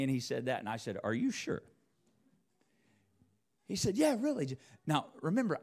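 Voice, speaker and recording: A preacher telling a personal story in a church sermon, acting out both sides of the conversations. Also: male voice, mid-range voice. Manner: animated, acts out both sides of dialogue. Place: church sanctuary.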